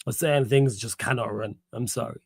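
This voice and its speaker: A man's voice: medium pitch, fairly even intonation, brisk, creaky, husky, dry recording. Young male host, casual slangy football talk, dry close mic. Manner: casual, slangy, laughs and riffs while reading comments. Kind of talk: solo football Q&A livestream.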